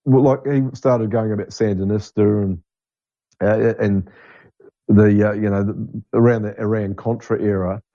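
A man's voice: fairly low pitch, fairly even intonation, a little slow, muffled recording. A New man in casual, opinionated chat, rambling with many fillers and restarts.

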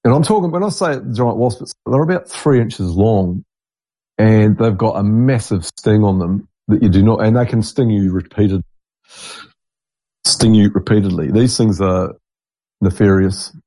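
A man's voice: fairly low pitch, unhurried, warm tone, no echo. A middle-aged man, a podcast host talking in a rambling, blunt, digressive monologue. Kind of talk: casual monologue.

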